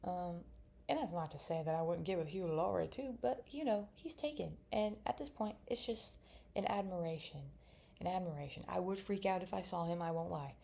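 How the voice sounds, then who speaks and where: A woman's voice: lowish voice, expressive, brisk, gravelly, warm tone. A young woman in casual chat while drawing, rambling and mumbling to herself as she works. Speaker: vlogger.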